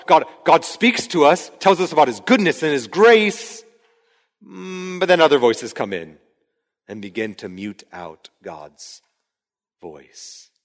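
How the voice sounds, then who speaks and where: A man in his thirties preaching a sermon as pastor, conversational and rising to shouts when he acts out a scene. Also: on the high side. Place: church sanctuary. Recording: hall reverb from a large room.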